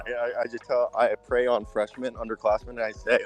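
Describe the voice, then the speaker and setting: A young man co-hosting a casual sports show while he walks outdoors across a campus. He jokes and rambles in an everyday voice of middle pitch. Soft music plays faintly behind him. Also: fairly even intonation, fast, hardly any pauses. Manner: joking, rambling, talks while walking. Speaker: co-host.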